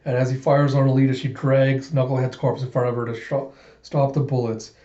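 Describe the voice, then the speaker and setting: A man reading a comic book aloud in a casual, excitable way, narrating the panels. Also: mid-range voice, fairly quick, roomy sound, muffled recording. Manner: casual, excitable, laughs often. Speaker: comic reader.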